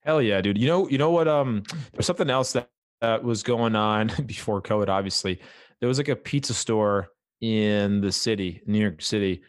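A man's voice: on the low side, normal speed, dry recording, studio quality. A young man co-hosting a podcast, emphatic and fired up, swearing casually. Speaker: podcast co-host.

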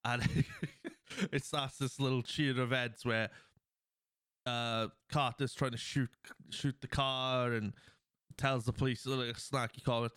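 A man's voice: medium pitch, steady tone, unhurried, fairly bright tone, smooth, no echo, studio quality. A man hosting a podcast, recapping a film's plot in a loose, rambling way with lots of fillers. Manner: acts out quoted lines. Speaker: podcast host. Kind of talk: casual film plot recap.

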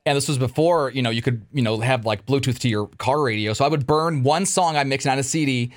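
A man's voice: mid-range voice, fairly quick. A man who hosts radio, a guest on a podcast, chatting in an easygoing, self-deprecating way. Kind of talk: casual podcast conversation.

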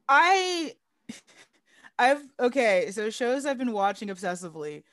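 A woman co-hosting a podcast in casual chat, sarcastic and profane with quick asides. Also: fairly high pitch, sing-song, a bit bright, no room sound, studio quality. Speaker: podcast co-host.

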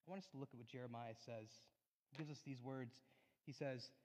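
A man preaching a sermon in a church, telling a personal story earnestly, rising loud and then dropping soft. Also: medium pitch, a little fast. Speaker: pastor. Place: church sanctuary. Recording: long hall reverb.

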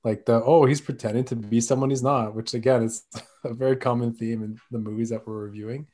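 A man's voice: medium pitch, fairly even intonation, a little fast, mellow. Guy co-hosting a movie podcast, middle voice, chatty. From Canada. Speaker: podcast co-host. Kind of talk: casual chat.

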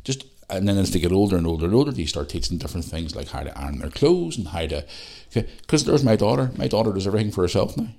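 A man's voice: sits low, big pitch swings, fast, a little mellow. A middle-aged man, hosting a podcast, ranting bluntly and swearing freely in a casual monologue. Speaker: podcast host.

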